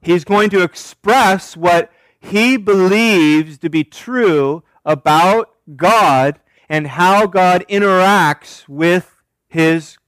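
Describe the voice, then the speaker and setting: A man's voice: sits high, no echo. A man preaching an expository sermon, emphatic, asking rhetorical questions and answering them himself. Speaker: pastor.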